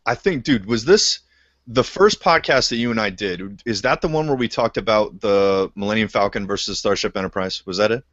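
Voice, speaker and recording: Low-voiced laid-back podcast host. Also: male voice, lively intonation, a little fast, fairly bright tone, no room sound. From Canada. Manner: laid-back, laughing, swears a lot. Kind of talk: casual podcast chat. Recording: muffled, lo-fi podcast audio.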